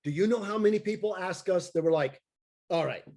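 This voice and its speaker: High-voiced, excitable man telling stories. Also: fast. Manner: excitable, acts out voices of people in his stories. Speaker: circus clown and daredevil guest. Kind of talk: animated storytelling in an interview. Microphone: video call.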